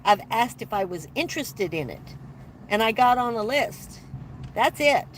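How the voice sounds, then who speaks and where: A woman's voice: fairly high pitch, expressive, a little slow, slight background noise. An older woman hosting a casual live stream from her van, rambling along and greeting viewers by name.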